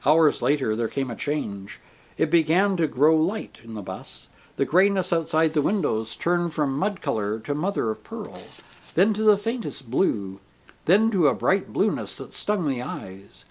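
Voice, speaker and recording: Expressive male audiobook narrator. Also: on the high side, unhurried, breathy edge. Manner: expressive, animated reading.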